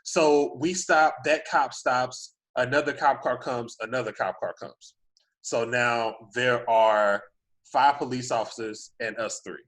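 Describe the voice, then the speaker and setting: A man's voice: medium pitch, measured pace. A man, a podcast guest telling a story in casual talk, acting out voices and saying "like" a lot. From Humble, Texas. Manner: animated, acts out voices in anecdotes, lots of "like".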